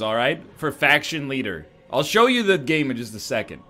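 A man's voice: mid-range voice, very animated, moderate pace, sharp tone, soft background music. A man joking and thinking aloud as he plays a strategy game, giving casual gameplay commentary. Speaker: gaming streamer.

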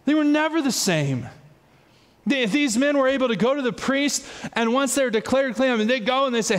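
Male pastor, high-pitched, animated storyteller, long church reverb. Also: normal speed. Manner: animated storytelling, acts out voices with laughs. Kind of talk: sermon. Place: church sanctuary.

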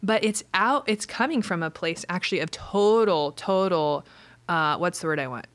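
A woman's voice: fairly low pitch, lively intonation, moderate pace, no room sound. A woman in her thirties co-hosting a casual faith podcast, chatty, laughing often and searching for words. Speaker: co-host.

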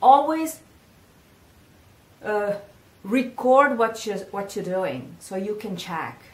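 Italian-accented woman singing teacher, slow and patient coaching, echoey room. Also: medium pitch, expressive. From Italy. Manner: slow, patient, repeats words for practice. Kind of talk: pronunciation lesson.

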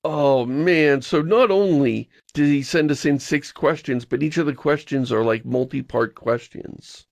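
A man's voice: fairly high pitch, measured pace, vocal fry, few pauses, no room sound. A man co-hosting a podcast in casual chat, rambling and wry, with an exasperated edge. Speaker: podcast co-host.

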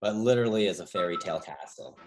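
A man hosting a trivia quiz over a video call, reading out multiple-choice options slowly and drawing out the key words, with chatty asides and quick self-corrections. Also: low voice, expressive, slight background noise. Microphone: video call microphone.

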